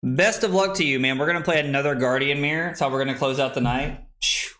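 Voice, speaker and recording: A young man streaming a card game, chatting casually, excitable, laughing and swearing freely as he plays. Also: mid-range voice, quick pace. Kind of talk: casual live-stream chat while playing.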